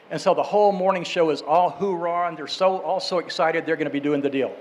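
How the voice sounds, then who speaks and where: Man, slightly high voice, casual rambling storyteller with self-corrections. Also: steady tone, quick pace, low-quality recording. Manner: rambling, with restarts and asides. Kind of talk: casual anecdote telling.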